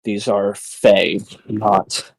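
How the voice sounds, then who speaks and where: A man's voice: fairly low pitch, little pitch movement, very slow, vocal fry, breathy edge, low-quality recording. Hesitant man playing a tabletop game. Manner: hesitant, swears when surprised. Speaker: player. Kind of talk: tabletop role-play chat.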